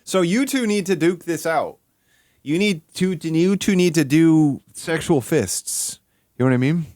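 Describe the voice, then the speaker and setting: With a fairly high pitch and a darkish tone, a man speaks unhurriedly as he rants on a livestream. He rambles and curses, leaning heavily on "like," in studio-quality audio with no echo.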